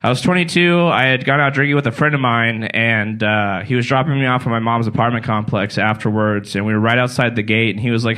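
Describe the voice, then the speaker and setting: A man's voice: mid-range voice, steady tone, brisk, hardly any pauses, pushed and bright, clean tone. A man from Brazil doing a stand-up comedy set, telling a chatty story and laughing at his own jokes, live on stage.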